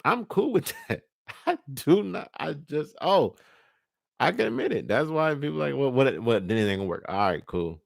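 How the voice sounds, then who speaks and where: A man hosting a live stream, talking casually and profanely, animated and laughing often as he acts out scenes. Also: a little high, normal speed, creaky, dry recording, clean studio sound. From California.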